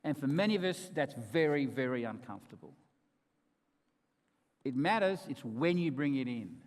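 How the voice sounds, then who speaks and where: A man giving a conference keynote, with emphatic, humorous storytelling and sudden drops into quiet asides. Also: mid-range voice, big pitch swings, normal speed. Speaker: keynote speaker. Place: large conference hall. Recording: reverberant hall.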